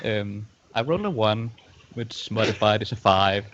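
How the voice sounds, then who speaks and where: A man's voice: on the low side, a bit bright. A man playing in a tabletop game, chatting casually and playfully. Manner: playful, acts out quick panicked lines. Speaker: player. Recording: dull lo-fi audio with faint noise.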